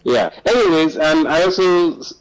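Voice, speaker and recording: A man's voice: fairly high pitch, expressive, normal speed, rough recording. A man from Nigeria calling in to a football talk show, passionate and emphatic. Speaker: caller. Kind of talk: phone-in football commentary.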